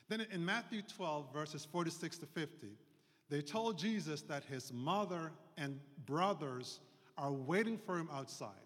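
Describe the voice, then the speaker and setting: A male pastor preaching a sermon, explaining scripture and slowing down on key phrases. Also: fairly high pitch, a bit bright. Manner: explanatory preaching, slows for emphasis, occasional fillers. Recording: long hall reverb.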